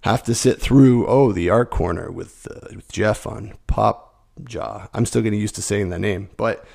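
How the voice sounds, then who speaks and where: A middle-aged man hosting a podcast, hoarse from a cold and sounding rough as he rambles casually. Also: on the low side, unhurried, a little mellow. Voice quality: rough, gravelly. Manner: rambling, stream of consciousness. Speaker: podcast host. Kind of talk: casual solo podcast chat.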